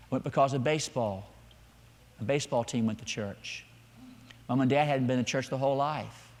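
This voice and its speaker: A middle-aged male pastor preaching a sermon, swinging between loud emphatic lines and quiet, hushed ones. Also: mid-range voice, big-room sound. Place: church sanctuary.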